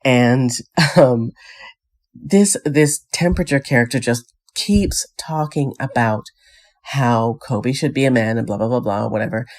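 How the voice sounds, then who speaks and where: A woman's voice: a bass voice, a little slow, darkish tone. A woman hosting a casual vlog. She rants with exasperated, scoffing rhetorical questions and rambles with frequent restarts. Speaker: vlog host. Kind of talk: casual reality TV recap commentary.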